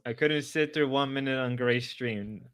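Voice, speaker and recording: A man hosting a live stream, reacting loudly and excitably while he chats and swears. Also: mid-range voice, normal speed, smooth. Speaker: streamer host. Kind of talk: casual live-stream chat.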